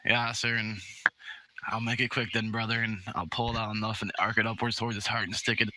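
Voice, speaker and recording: Lower-voiced earnest male player. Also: little pitch movement, a little fast, sharp tone, slight background noise, poor audio. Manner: earnest, slips into his character's speech. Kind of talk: casual tabletop role-play.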